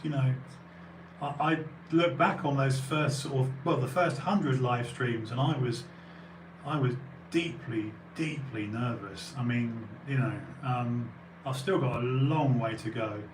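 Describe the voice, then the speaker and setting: A man's voice: medium pitch, a little slow, echoey room, far from the mic, background noise. A British man who runs an auction house, chatting casually in a rambling way with many fillers and restarts. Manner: rambling, full of fillers and restarts, bursts of emphasis. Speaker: auction house owner and live streamer. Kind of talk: casual podcast conversation.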